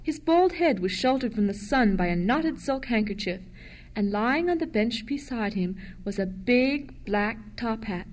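A woman reading a storybook aloud to children in a gentle, expressive way. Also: a little high, a little slow, slight background noise.

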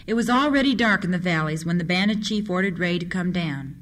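A storyteller reading children's stories aloud in a steady, expressive way. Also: medium pitch, a little fast.

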